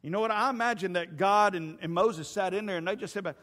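A middle-aged man preaching a sermon in a church, telling funny stories with loud, animated asides. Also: high voice, a little fast, hardly any pauses. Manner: animated, humorous storytelling with shouted asides. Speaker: pastor. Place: church sanctuary. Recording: long hall reverb.

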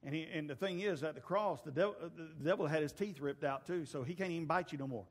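A man's voice: on the high side, fast talker. Preaching man in a reverberant church. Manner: storytelling preacher acting out voices, shouting at peaks. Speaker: pastor. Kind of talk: sermon. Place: church sanctuary.

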